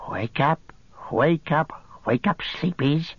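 A man voicing a wretched, sly male creature who hisses and whines in drawn-out words. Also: a little high, husky, no room sound, pitched above the performer's own voice, full character voice. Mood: urgent whisper. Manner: hissing, wheedling whisper, drawn-out words. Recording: muffled lo-fi audio.

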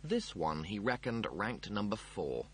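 A man reading a comic novel aloud as narrator, in a wry and expressive storytelling manner. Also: lowish voice, unhurried, a little hiss or hum. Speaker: audiobook narrator. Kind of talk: scripted narration.

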